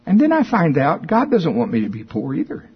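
Male preacher, husky, chatty and repetitive, dull lo-fi sound. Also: a little high, wildly swooping pitch, a little fast. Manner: conversational, repetitive, chuckles often. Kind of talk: informal sermon with spoken confessions.

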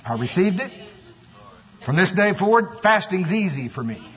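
A man preaching a sermon, animated and storytelling, with exclamations and asides. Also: sits high, normal speed. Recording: echoey hall, dull sound.

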